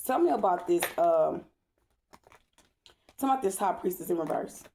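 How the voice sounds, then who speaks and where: A tarot reader in a spiritual vlog, this woman has a fairly low, creaky, warm voice with lively intonation and a moderate pace, plus a little hiss or hum in the recording. She reads the cards bluntly and emphatically, swearing freely and asking "okay?" again and again.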